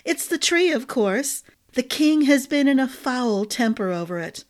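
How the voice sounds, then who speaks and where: A woman's voice: high-pitched, very animated, measured pace, pitched above the performer's own voice. A woman voicing a gossipy, motherly head cook who talks with emphatic fondness.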